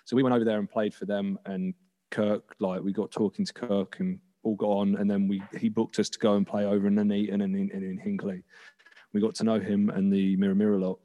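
Low, mellow-voiced man. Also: little pitch movement, a little fast, muffled recording. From England. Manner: rambling, swears casually, many restarts. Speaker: podcast guest musician. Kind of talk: casual chat.

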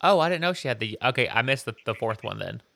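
A man's voice: mid-range voice, animated, fast talker, creaky, sharp tone, dry recording. A man co-hosting a podcast in casual chat, talking bluntly and conversationally. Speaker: podcast co-host.

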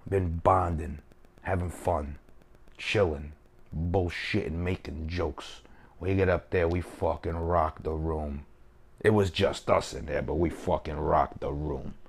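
Guy putting on a bragging new york gangster type, put-on new york accent, low voice, swears a lot. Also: fairly even intonation, slow pace, gravelly, breathy edge, exaggerated voice. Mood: swaggering. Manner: profane, boastful, rambling. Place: home kitchen.

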